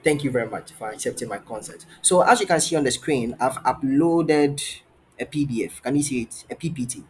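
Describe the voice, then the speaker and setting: A man's voice: medium pitch, expressive, a little fast, slight background noise. Encouraging man tutoring on a call. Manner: encouraging, repeats phrases, asks many questions. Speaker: English tutor. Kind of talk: online trial lesson. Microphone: video call.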